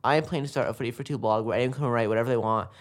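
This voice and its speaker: A man's voice: medium pitch, very fast. A man co-hosting a casual soccer podcast, talking in an enthusiastic, rambling way with frequent restarts. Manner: enthusiastic, rambling, self-correcting. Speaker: podcast co-host. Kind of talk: casual sports chat.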